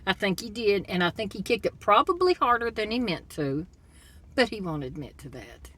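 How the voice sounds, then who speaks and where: A woman's voice: mid-range voice, very animated, moderate pace, fairly bright tone, breathy edge. A woman in a casual vlog monologue, retelling a story and giving blunt, critical opinions. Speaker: commentator.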